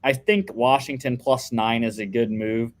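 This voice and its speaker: A man's voice: mid-range voice, fairly even intonation, unhurried. A young man co-hosting a casual sports podcast, chatting through his football picks with lots of fillers and restarts.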